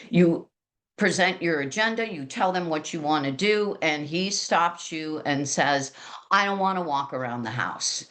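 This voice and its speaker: Loud, chatty woman real estate trainer. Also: lowish voice. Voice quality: loud, with a big outdoor voice. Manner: lively, chatty and self-deprecating. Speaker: real estate agent sharing sales training. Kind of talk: training talk to colleagues.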